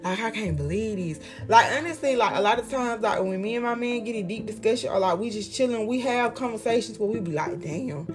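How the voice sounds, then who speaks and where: A woman's voice: a little high, a little fast, hardly any pauses, soft background music. A young woman giving life advice in a casual motivational monologue, heartfelt and emphatic, repeating lines for effect, with slangy, profane talk.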